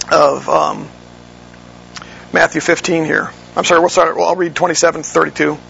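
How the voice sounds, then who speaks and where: Gravelly-voiced man preaching a sermon. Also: on the high side, fairly bright tone, dull audio. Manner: measured teaching, walking through verses, self-correcting. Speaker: pastor. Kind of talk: expository sermon.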